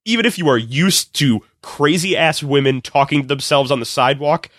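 A man on a comedy podcast, retelling a movie with lots of laughs and quick acted-out voices. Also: on the high side, dry recording, clean studio sound. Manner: animated storytelling, acts out characters in quick voices, laughs often. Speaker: podcast guest recapping a movie. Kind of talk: casual comedic podcast chat.

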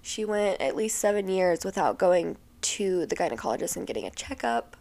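A woman's voice: on the low side, sing-song, moderate pace, vocal fry, darkish tone. A young woman hosting a podcast, talking casually and emotionally with lots of fillers, sounding tired. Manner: chatty and emotional, many fillers. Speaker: podcast host.

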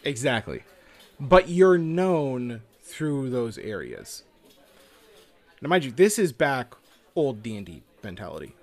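A man's voice: medium pitch, big pitch swings, takes it slowly. A man co-hosting a podcast, explaining things in a casual, loose way and swearing now and then. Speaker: podcast co-host. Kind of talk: casual chat about tabletop games.

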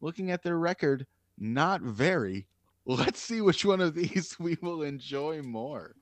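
A man co-hosting a casual podcast, talking in a lively, playful way. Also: a little high, measured pace, no room sound. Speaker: co-host.

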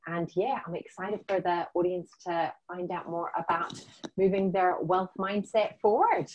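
A woman's voice: lowish voice, a little slow, lo-fi sound, a little hiss or hum. Upbeat woman host, South African-Scottish accent. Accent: mixed South African and Scottish. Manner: upbeat, effusive, with warm praise. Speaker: interview host. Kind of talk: casual interview chat.

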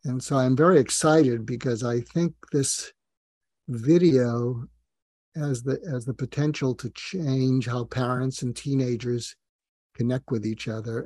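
A man's voice: medium pitch, a little mellow, dry recording. A man guest on a podcast, earnestly telling a long story and acting out the dialogue. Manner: earnest, speaks in long anecdotes with quoted dialogue. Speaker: guest psychiatrist and author. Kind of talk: reflective storytelling.

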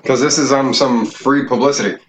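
A man's voice: mid-range voice, fairly even intonation, brisk. A man hosting a casual home podcast, loose, joking and profane as he talks to his listeners. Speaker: podcast host. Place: home bedroom. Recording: echoey room, dull and noisy.

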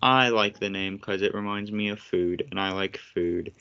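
Male podcast co-host, very low voice, blunt and teasing, slightly dull recording. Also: fairly even intonation, moderate pace, bright, forceful tone, clean tone. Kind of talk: casual chat. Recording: slightly muffled podcast audio.

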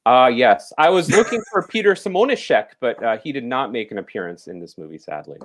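A man co-hosting a podcast, reviewing a film in rambling, halting casual talk full of fillers and restarts. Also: mid-range voice, sing-song. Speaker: podcast co-host reviewing films.

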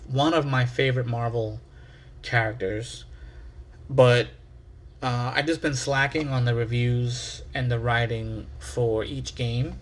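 A young man hosting a casual solo podcast, rambling through a story in a self-mocking way and swearing freely. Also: mid-range voice. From New York area. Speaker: podcast host.

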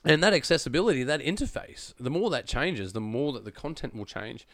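A man hosting a podcast in his home studio, talking on a studio microphone in a lively, restarting way, often adding "man". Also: mid-range voice, brisk, dry recording. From Australia. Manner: animated, restarts phrases, says "man" often. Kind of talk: casual chat. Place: home studio full of screens. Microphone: studio microphone with headphones.

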